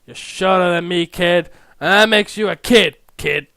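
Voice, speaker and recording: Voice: mid-range voice, measured pace, creaky, a bit bright, no room sound, studio quality. A host doing a taunting delinquent student. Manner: mocking, taunting. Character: rude young male delinquent student.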